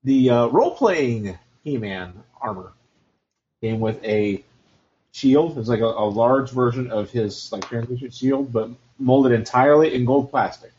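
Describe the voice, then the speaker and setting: A man talks casually, mixing stories with dry, joking asides at an ordinary pitch. The recording is dull and lo-fi. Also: a little slow, darkish tone. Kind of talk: casual chat about retro cartoons and toys. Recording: dull lo-fi sound.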